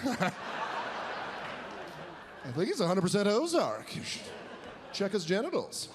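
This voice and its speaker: A young man doing a profane, animated stand-up routine on stage, jumping into exaggerated quoted voices. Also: high voice, measured pace, pauses often, crowd noise. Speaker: stand-up comedian. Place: stage before a live audience. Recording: live show with audience noise.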